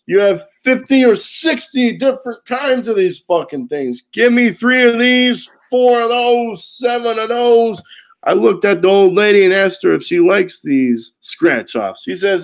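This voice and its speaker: A man delivering a profane comedic rant, loud and indignant, cursing constantly and laughing at his own lines. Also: high-pitched, unhurried.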